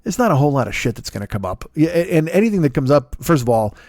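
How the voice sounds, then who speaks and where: This is a sleepy podcast host in his forties doing the shout-out plug segment of his solo comedy show, rambling, cursing, poking fun at himself and yawning throughout. He talks fast in a fairly high voice that swings widely in pitch. The sound is studio quality, with no room echo.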